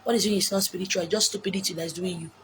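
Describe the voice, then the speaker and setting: A woman with a Nigerian Igbo accent giving blunt, forceful relationship advice outdoors, mixing English, Pidgin and Igbo. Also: lowish voice, fairly even intonation, rapid-fire, a little hiss or hum. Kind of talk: outdoor monologue. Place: beach outdoors.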